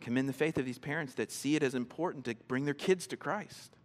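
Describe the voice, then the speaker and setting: A man preaching a sermon in a conversational, animated way, often repeating words as he starts a thought and acting out people's reactions. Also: brisk. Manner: animated, acts out quoted reactions in a higher voice. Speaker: pastor.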